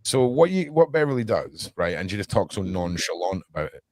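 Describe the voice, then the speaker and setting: A man's voice: sits low, a little fast, no echo. Scottish man, dry close sound. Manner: relaxed storytelling, repeats words. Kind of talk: casual chat.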